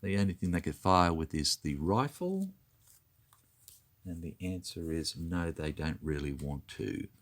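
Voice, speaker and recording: Brief: man with an extremely low voice and a lively, swinging delivery, unhurried, narrating a board game turn step by step. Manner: methodical, counts moves and dice aloud. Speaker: tabletop wargame player.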